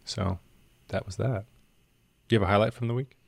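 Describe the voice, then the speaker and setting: Male podcast co-host, very low and gravelly, halting and thoughtful. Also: steady tone, no echo. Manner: thoughtful, halting, many restarts. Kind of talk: casual conversation.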